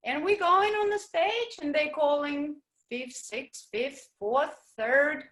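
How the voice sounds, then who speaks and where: A woman ballroom dancer and teacher telling stories in an interview, animated and expressive and sometimes searching for words. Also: high voice, takes it slowly. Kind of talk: interview storytelling.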